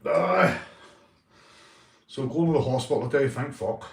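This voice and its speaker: A man's voice: medium pitch, unhurried, vocal fry, far from the mic, heavy background noise. A Northern Irish man chatting casually to viewers on a live stream, rambling and swearing, calling everyone mate. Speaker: livestreamer. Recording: roomy, off-mic sound.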